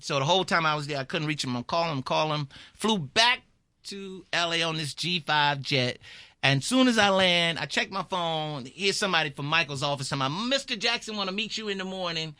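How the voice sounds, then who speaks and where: Bright, lively comedian man telling stories. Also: fairly high pitch, a little fast, clean tone, dry recording. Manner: lively storyteller, acts out voices, laughs a lot. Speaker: comedian guest. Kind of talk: animated storytelling in a radio interview.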